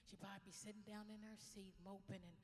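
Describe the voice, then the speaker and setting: A woman pastor preaching a lively sermon, telling stories and swinging from quiet asides to loud exclamations. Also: medium pitch, fast talker, long reverb tail.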